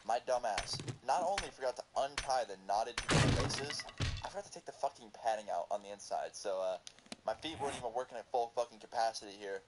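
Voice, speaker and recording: A man's voice: mid-range voice, animated, quick pace. Profane man telling a story, noisy recording. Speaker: gaming video host. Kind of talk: casual storytelling over gameplay. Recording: loud background noise.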